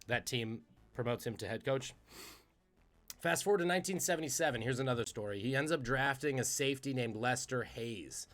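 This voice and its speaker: A man hosts a podcast and tells trivia stories in a casual, conversational way. His voice sits at an ordinary middle pitch and gets animated as the stories build. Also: a little fast. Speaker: podcast host.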